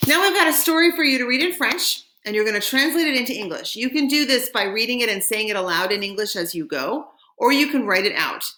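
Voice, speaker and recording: A woman leads a recorded French lesson. She says each phrase slowly and clearly so that students can repeat after her, then moves on in an encouraging teacher's voice. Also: mid-range voice, pushed and bright. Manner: slow modeling of phrases for repetition.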